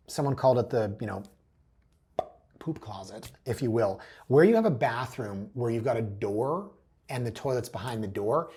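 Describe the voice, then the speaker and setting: A man's voice: medium pitch, very animated, normal speed, mellow, husky. A man hosting a real estate show, chatting casually and cracking wry jokes while he walks viewers through listing photos. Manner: joking, wry asides; chatty, addresses viewers directly. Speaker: real estate agent host.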